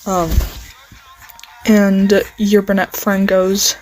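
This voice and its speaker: Woman rambling thru a listener roleplay story, super slow, lots of ums n sorrys, quiet music going behind her. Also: mid-range voice, steady tone, low-quality recording. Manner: rambling, heavy on fillers, apologizes and restarts. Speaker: channel host. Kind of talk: improvised second-person listener role-play narration. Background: faint music playing.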